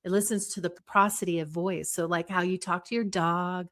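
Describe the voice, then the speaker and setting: A middle-aged woman psychologist, a guest on an interview show, explaining ideas in a lively way and acting out small examples. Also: on the low side, moderate pace. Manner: animated, acts out little voices and examples.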